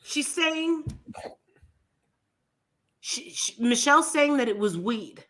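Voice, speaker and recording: A woman hosting a casual commentary chat, talking in a blunt, animated and scornful way. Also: high voice, slow. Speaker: commentary channel host.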